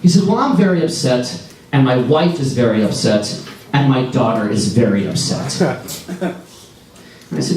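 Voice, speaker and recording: A man in his forties doing a stand-up comedy set, wry and deadpan with lively storytelling. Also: medium pitch, moderate pace, long pauses, a little hiss or hum. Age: 40s. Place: comedy club stage. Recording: echoey club sound from a distance. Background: audience laughter.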